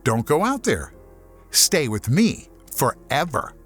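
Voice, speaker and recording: A man's voice: mid-range voice, big pitch swings, slow pace, fairly bright tone, husky, faint music behind, exaggerated voice. A man voicing a sinister cursed woman from the netherworld, speaking in a coaxing, menacing way in an audiobook horror story.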